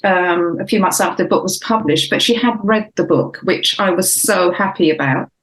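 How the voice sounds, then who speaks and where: A woman's voice: fairly low pitch, normal speed, roomy sound, rough recording. A woman in her sixties with a faded Cockney English accent, talking reflectively as an author in an interview, with many fillers and restarts. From Southeast London, England. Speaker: author and guest. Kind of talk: casual interview talk.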